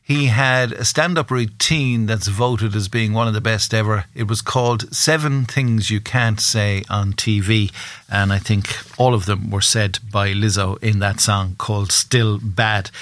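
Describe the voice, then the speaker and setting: A man's voice: on the low side, unhurried, no echo. A man hosting a breakfast radio show, chatting casually and running a quiz on a studio microphone. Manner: chatty, relaxed, talks straight to listeners.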